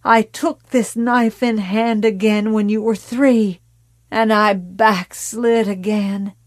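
A woman voicing a zealous, menacing religious mother who speaks in a slow, hushed preaching cadence. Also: mid-range voice, steady tone, dry recording, natural voice. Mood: fervent.

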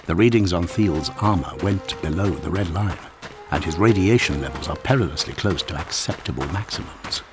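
A male narrator with a deep, low voice reads a grim science-fiction tale in a hushed, dramatic manner, sometimes sinking almost to a whisper. Clear music plays behind him throughout. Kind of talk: scripted audiobook narration.

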